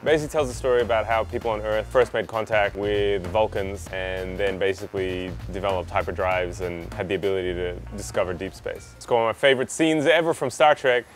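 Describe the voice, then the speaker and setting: A man's voice: lowish voice, a little fast, few pauses, faint music behind. Playful man co-hosting a comedy news chat. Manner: playful, teasing, lively. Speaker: co-host.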